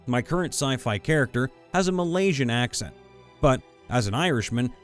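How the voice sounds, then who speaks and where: A man narrating viewer stories in a scripted voice-over, reading lively and sometimes slipping into put-on voices. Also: mid-range voice, normal speed. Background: faint background music.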